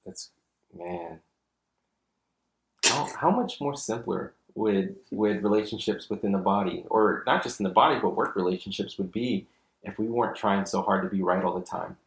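A man's voice: sits low, moderate pace. A man hosting a podcast, mostly giving short, affirming replies to his guest. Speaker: podcast host. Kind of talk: podcast conversation. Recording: roomy sound with faint noise.

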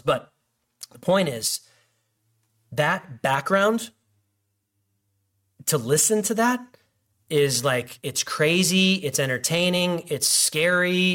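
A man's voice: medium pitch, fairly bright tone. A man preaching a sermon in a loose, conversational way, with many restarts and fillers. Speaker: pastor.

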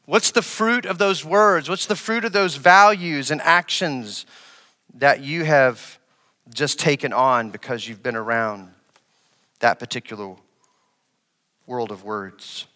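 A male pastor delivers a sermon in a bright, slightly high voice. He asks the congregation questions and repeats phrases for emphasis. He swings from loud, raised lines to quiet, low ones. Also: unhurried, in a large hall. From West Africa.

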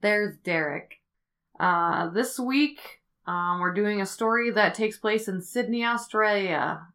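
A woman hosting a podcast, telling a story in a casual, rambling way with many fillers as she thinks out loud. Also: medium pitch, takes it slowly. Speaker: podcast host.

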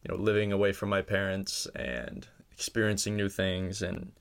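Gravelly young man from Wisconsin. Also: low voice, expressive. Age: young adult. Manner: halting, with many fillers and restarts. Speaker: guest. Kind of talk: casual podcast chat.

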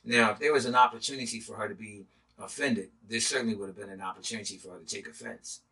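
A man, a pastor, teaching a sermon in a halting way with many filler sounds. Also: fairly low pitch, fairly even intonation, bright, forceful tone, husky, far from the mic, poor audio.

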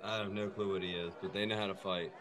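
A man's voice: low-pitched, flat delivery, fast, fairly bright tone, poor audio. A man in casual podcast chat, blunt and offhand in his jokes.

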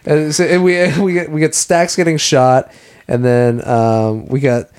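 A man's voice: a little high, flat delivery, a little slow, darkish tone, smooth. A man co-hosting a podcast, casually recapping a film in a rambling way and acting out lines from it. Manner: rambling, acts out quoted lines. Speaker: podcast co-host.

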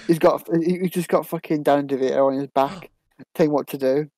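Dry, mellow wisecracking co-host. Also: medium pitch, fairly even intonation, a little fast, dry recording. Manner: wisecracking, swears. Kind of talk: casual podcast chat.

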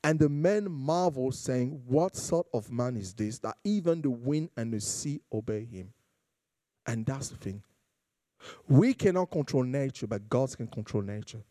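A man's voice: medium pitch, animated, unhurried, warm tone, dry recording. A man preaching a sermon in a conversational way, building to emphatic, rising passages.

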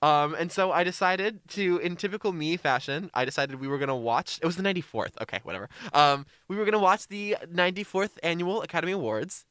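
A man's voice: fairly high pitch, fast talker, few pauses, a bit bright, dry recording, clean studio sound. A young man co-hosting a casual podcast, rambling playfully with frequent restarts. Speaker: podcast co-host. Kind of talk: casual chat.

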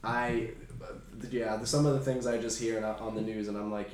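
A young man in casual comedic podcast chat, energetic and joking, often acting out what he'd say. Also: on the low side, moderate pace, roomy sound, a crowd in the background. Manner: energetic, joking, mock-quoting himself. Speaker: podcast guest.

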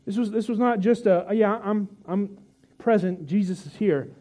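A pastor's high, warm voice carries a sermon that feels conversational and full of jokes. He recounts scripture with vivid storytelling and leans on dramatic pauses for effect.

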